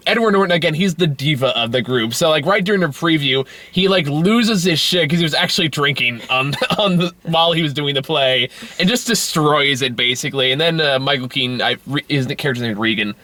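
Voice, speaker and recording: An eager man co-hosts a casual movie review. His voice is a little high and bright, with a pushed edge. He laughs a lot and trips over his restarts, all in a dry, close sound. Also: fast, no echo. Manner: excitable, laughs often, restarts sentences.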